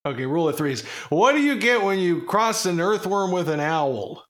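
Man, podcast co-host, casual chat, slightly higher voice, swears, rambles while reading. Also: big pitch swings, normal speed, fairly bright tone. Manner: profane, goofy, reads aloud in a meandering way.

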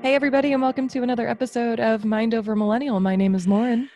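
A woman's voice: fairly high pitch, steady tone, racing, a little mellow. A young woman co-hosting a podcast, chatting casually and rambling with lots of fillers. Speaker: podcast co-host. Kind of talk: casual chat.

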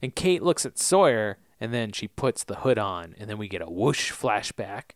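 A man's voice: on the low side, big pitch swings, moderate pace, no echo, clean studio sound. Laid-back, joking male podcast co-host. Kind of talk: casual chat recapping TV episodes.

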